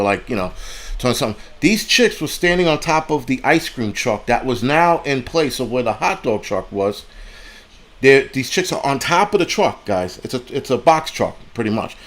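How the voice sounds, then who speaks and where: A man talks straight to his live stream viewers. He tells a story in a heated, profane rush and acts out both sides of an argument. His voice sits at an ordinary middle pitch for a man. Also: expressive, moderate pace, fairly bright tone. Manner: profane, heated retelling with quoted dialogue.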